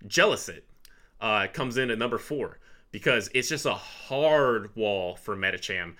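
Bright-voiced man chatting casually. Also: on the low side. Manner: animated, laughs easily, quick asides. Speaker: podcast co-host. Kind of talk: casual chat ranking picks.

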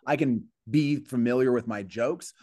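A male comedian spins a story in an easygoing podcast chat, jumping up in pitch whenever he acts out what someone said. His phrases restart and pile up as he thinks aloud. The sound is dry and close, with no room around it. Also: normal speed, dry recording. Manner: animated storyteller acting out quoted voices, with many restarts. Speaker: comedian guest. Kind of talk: casual storytelling in a podcast interview.

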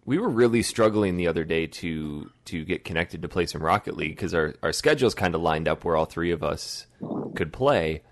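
Deep-voiced joking male podcast host. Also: lively intonation, fairly quick. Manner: joking, laughs often, teasing. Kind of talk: casual podcast banter.

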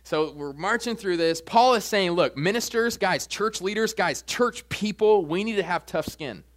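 A young man preaching a sermon as pastor, animated, jumping his voice up high when acting out quoted asides. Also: normal speed.

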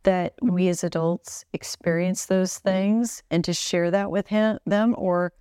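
A woman's voice: lowish voice, fairly even intonation, unhurried, warm tone, clear, resonant tone, no room sound, clean studio sound. A woman hosting a podcast interview, asking reflective questions drawn from her own experience. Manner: reflective, shares personal experience. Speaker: podcast host.

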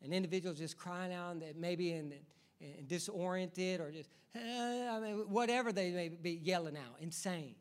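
A man's voice: sits high, normal speed. A man preaching a sermon as pastor, building his points through rhythmic repetition and rhetorical questions to the congregation.

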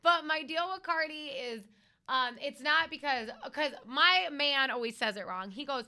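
A woman's voice: high-pitched, moderate pace. A woman who hosts a live radio show, talking casually and emphatically as a podcast guest. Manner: lively, emphatic, animated storytelling. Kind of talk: casual interview talk.

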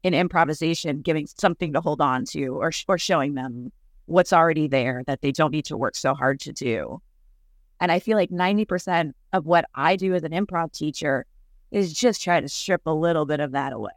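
A woman's voice: low-pitched, brisk, no room sound, studio quality. A woman improv teacher chatting reflectively as a podcast guest, full of "like" fillers. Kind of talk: casual podcast conversation.

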